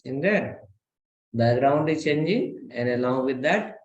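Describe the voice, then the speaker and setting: A man teaching a live web design lesson, walking through each step slowly and quizzing his class. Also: mid-range voice, lively intonation, roomy sound, dull audio. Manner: slow, step-by-step explaining, asks the class questions.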